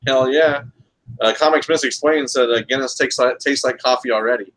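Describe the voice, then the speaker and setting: A man's voice: mid-range voice, fairly quick, fairly bright tone, rough recording. Laid-back man hosting a comics chat. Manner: laid-back, jokey, reads out chat comments. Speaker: podcast co-host. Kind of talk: casual chat.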